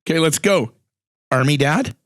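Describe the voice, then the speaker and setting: A man's voice: moderate pace, no echo. Chatty middle-aged man, dry close sound. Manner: chatty storyteller, acts out quotes with big pitch jumps. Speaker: podcast host. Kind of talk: casual chat.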